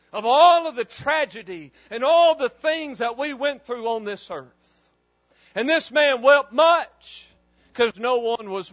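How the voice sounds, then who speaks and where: A man's voice: extremely high pitch, fairly bright tone, no echo, muffled recording. A man preaching a fervent, emphatic sermon full of repetition.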